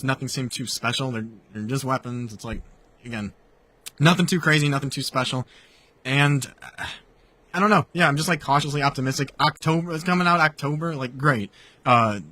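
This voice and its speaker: Fast-talking, bright-voiced man musing casually. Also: mid-range voice. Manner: loose, filler-heavy musing. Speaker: gaming podcast co-host. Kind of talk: casual livestream chat.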